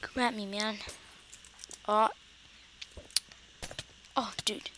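A woman chatting casually while gaming with a friend, chatty and quick to apologize. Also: medium pitch, fairly even intonation, pushed and bright, slight background noise. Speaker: gamer.

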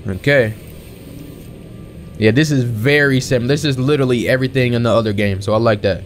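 A man hosting a let's play, excitable and slangy, exclaiming at the game as he plays. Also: medium pitch, a little fast, a little hiss or hum. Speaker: gaming channel host. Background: game music and sound effects.

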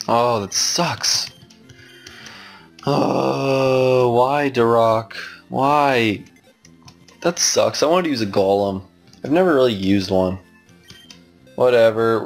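A young man in the middle of his own voice range talks through a game session for his channel in loose, off-the-cuff commentary. He keeps exclaiming in exasperation and drifts into rambling asides. Faint game music plays quietly behind him. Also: mid-range voice. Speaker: gaming YouTuber. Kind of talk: casual let's-play commentary.

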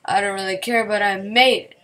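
Speaking briskly in a medium-pitched voice, a woman casually comments on her gameplay from her home computer at night. She gets excitable, letting out yelps and repeating words in moments of panic.

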